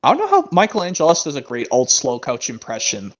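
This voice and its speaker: A young man chats on his stream in a hesitant, rambling way, often restarting his sentences. His pitch is lively and wanders up and down, and his mic sounds dull and lo-fi. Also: fast. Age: young adult. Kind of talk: casual chat.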